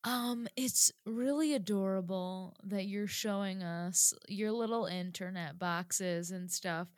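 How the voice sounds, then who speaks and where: A woman's voice: mid-range voice, takes it slowly, few pauses, no echo. A woman chatting casually on a podcast, giggly and full of fillers. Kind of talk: casual chat.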